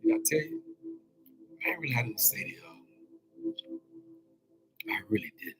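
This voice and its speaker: A man's voice: fairly low pitch, wildly swooping pitch, vocal fry, music in the background, rough recording. A man hosting a casual spiritual motivational talk. He speaks in colloquial language, repeats himself, and calls out directly to his listeners. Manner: colloquial, drawn-out phrasing. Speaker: host.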